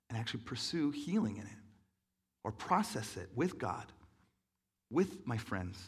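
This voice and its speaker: A man's voice: medium pitch, slightly rough. A man in his thirties telling a personal story in an earnest, emotional sermon, with many restarts and fillers.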